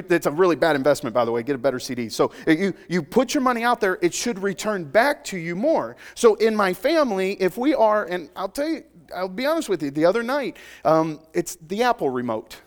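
Animated higher-voiced man preaching. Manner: animated, dramatic swings from loud emphasis to soft intimate asides; conversational, jokes with congregation. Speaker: pastor. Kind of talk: sermon.

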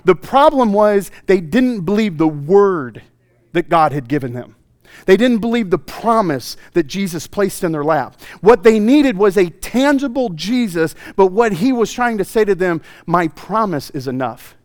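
A male pastor preaching a sermon, telling stories with animated swings from loud bursts to hushed, intimate passages. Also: sits high, normal speed, dry recording.

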